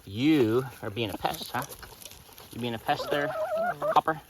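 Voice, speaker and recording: A man's voice: medium pitch, measured pace. A man filming his backyard farm, casually chatting and coaxing his animals in a teasing way, outdoors. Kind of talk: casual vlog narration. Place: outdoors in a farmyard. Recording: loud outdoor background noise.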